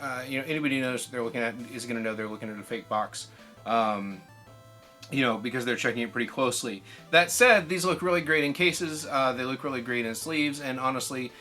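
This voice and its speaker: Chatty man hosting a casual how-to. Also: mid-range voice. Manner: relaxed and chatty, with many ums and uhs. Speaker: video channel host.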